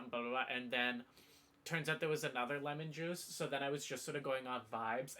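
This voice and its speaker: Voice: mid-range voice, bright, forceful tone. A livestreamer rambling in casual chat with viewers, playful and full of mock outrage and self-interruptions.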